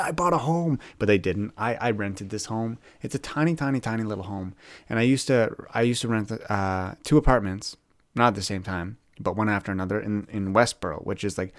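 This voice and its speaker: A young man from Canada talks alone into the mic for his podcast, rambling in a candid, searching way and often restarting his words. His voice sits low, and the sound is dry and close with no room around it. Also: dry recording. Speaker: podcast host.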